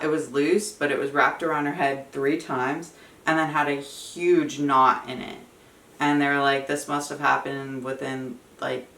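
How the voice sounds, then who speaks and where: Young woman, casual vlog storyteller, chatty with lots of fillers; bright tone, echoey room. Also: very deep voice, creaky, distant mic. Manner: chatty, fillers of "like", emotional retelling. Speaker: vlogger. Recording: echoey room, voice a bit off-mic.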